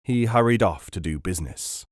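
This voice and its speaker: A man reading a book aloud as a podcast narrator, in a measured, even storytelling manner. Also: sits low, dry recording, clean studio sound.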